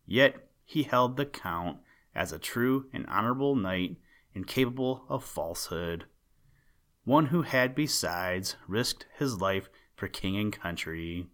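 A man reading an old storybook tale aloud in a calm, measured way. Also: on the low side.

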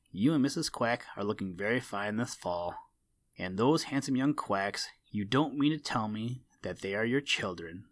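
A man voicing a sly, sharp-eyed male crow who teases the others with mock kindness, in a storybook reading. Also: on the low side, no echo, close to an everyday voice. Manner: sly, chuckling, mock-kindly.

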